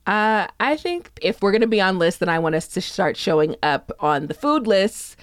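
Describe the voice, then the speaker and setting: A woman's voice: medium pitch, lively intonation, moderate pace, no room sound, clean studio sound. A woman co-hosting a casual talk show, chatty and playful, laughing often. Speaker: podcast co-host. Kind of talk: casual chat.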